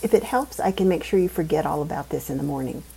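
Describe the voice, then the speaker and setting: A woman's voice: sits low, animated, fast, gravelly, warm tone, breathy edge, exaggerated voice, poor audio. A woman reading a novel aloud and voicing a small, balding, dumpling-shaped male watcher who talks in a prim, exasperated, over-explaining way. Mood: fussy, exasperated.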